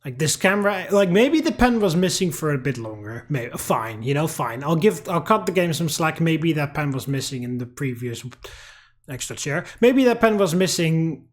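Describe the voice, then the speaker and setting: A man's voice: a little high, sing-song, moderate pace. A man giving profane, angry let's-play commentary while ranting at a game. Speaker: gaming YouTuber.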